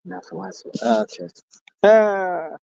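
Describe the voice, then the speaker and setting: A man's voice: medium pitch, big pitch swings, a little slow, gravelly, a little mellow, slightly rough, no echo, muffled recording. A man hosting a livestream, chatting casually and joking as he rambles and reads out viewer comments. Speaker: livestream host.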